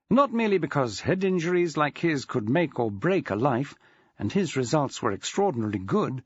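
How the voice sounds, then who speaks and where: A man's voice: a little high, husky, no echo, lo-fi sound. A man narrating an audiobook in a dry, wry storytelling manner. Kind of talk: scripted narration.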